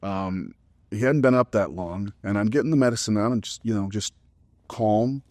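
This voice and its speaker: A middle-aged man telling a family story on a podcast, with lively pitch jumps whenever he quotes someone. His voice sits in a middle register and sounds close and dry, with no room echo. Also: normal speed. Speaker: podcast co-host, father. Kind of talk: casual storytelling chat.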